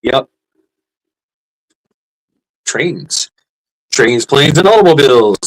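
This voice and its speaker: A man's voice: mid-range voice, lively intonation, takes it slowly, rough recording. Profane rambling man hosting a livestream. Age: middle-aged. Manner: profane, rambling, laughs often, repeats words. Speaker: livestream host. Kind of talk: casual livestream chat.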